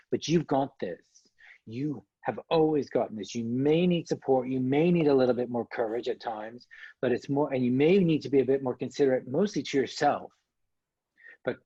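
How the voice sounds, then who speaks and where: Brief: male workshop speaker, jokey and encouraging, slightly husky voice, dull dry video-call sound. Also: mid-range voice, no room sound. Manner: lively, joking, coaxing the audience. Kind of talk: online conference talk.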